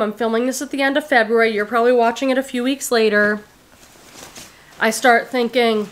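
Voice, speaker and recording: A reseller vlogger in her thirties chats casually to camera about her thrift finds, sounding upbeat and saying "like" constantly. Her voice is a little high and a bit bright, and she films in a thrift store and her car, both indoors and out.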